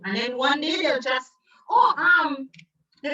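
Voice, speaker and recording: Bright Trinidadian-born woman, echoey room. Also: high voice, a little slow, recorded from a distance, muffled recording. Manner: animated storytelling, acts out quoted voices. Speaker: environmental advocate and author, guest. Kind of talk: conversational interview. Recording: roomy echo, away from the mic.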